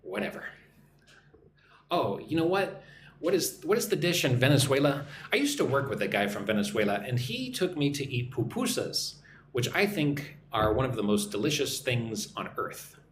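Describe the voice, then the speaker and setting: A man's voice: mid-range voice, big pitch swings, moderate pace. An American man teaching English on a live stream, chatting and reading viewer comments aloud. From United States. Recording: echoey room with faint background noise.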